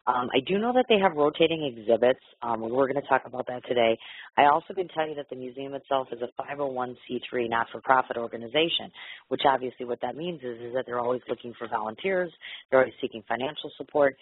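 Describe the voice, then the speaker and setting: A man's voice: mid-range voice, slightly rough, no echo. A man hosting a radio interview show, talking in a gushing, effusive way with many fillers. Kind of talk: excitable radio interview chat. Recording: lo-fi phone-like radio audio.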